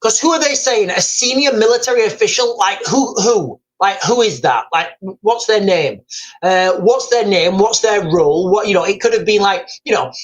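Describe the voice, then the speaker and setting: A man's voice: high-pitched, lively intonation, moderate pace, rough recording. A man hosting a live news commentary stream. He rambles, repeats himself, speculates aloud and reads viewer comments and headlines off the screen.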